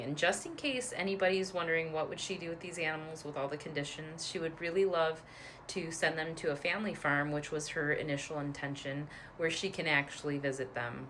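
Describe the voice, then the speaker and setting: A woman's voice: low-pitched, a bit bright, a little hiss or hum. A woman speaking earnestly to her followers, making a pleading appeal with some fillers. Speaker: online advocate addressing followers.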